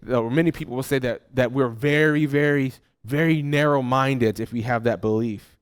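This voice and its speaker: A man preaching a sermon as pastor, earnest and repeating phrases for emphasis. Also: fairly high pitch. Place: church hall.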